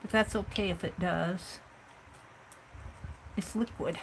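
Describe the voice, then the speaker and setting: A woman's voice: fairly low pitch, fairly even intonation, takes it slowly, slight background noise, poor audio. A woman hosting a craft livestream, chatting casually and thinking aloud as she works on an art journal.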